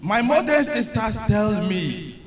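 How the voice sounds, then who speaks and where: A man's voice: high-pitched, very animated, measured pace, over music. A man with a Nigerian accent preaching a sermon to a congregation, mixing Yoruba into his English and calling for responses. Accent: Nigerian, Yoruba-influenced. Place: church hall with congregation. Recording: echoey church hall with congregation.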